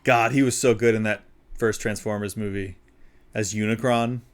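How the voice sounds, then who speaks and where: A man's voice: lowish voice, steady tone, normal speed. A man co-hosting a live-streamed talk show, chatting in an easygoing way and laughing often. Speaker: podcast co-host. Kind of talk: casual chat.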